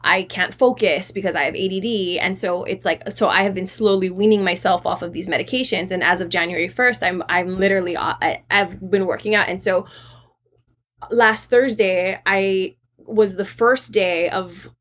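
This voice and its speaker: A woman's voice: mid-range voice, steady tone, normal speed, a bit bright. A woman guest in a casual podcast chat, candid and earnest, telling personal stories and acting out what others said. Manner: candid, earnest, tells personal stories, acts out quoted dialogue.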